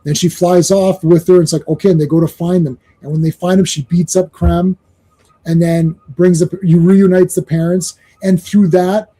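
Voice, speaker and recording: A man's voice: high voice, level tone, moderate pace, dark tone, slightly rough. A man co-hosting a comics podcast, ranting in casual chat, swearing and acting out quotes in voices. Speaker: podcast co-host.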